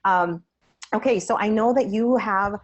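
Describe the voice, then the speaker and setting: A woman hosts an online interview with effusive, upbeat praise for her guest. Her pitch sits in an ordinary middle range. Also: a little slow, highs cut off. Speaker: webinar host. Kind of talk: enthusiastic interview hosting.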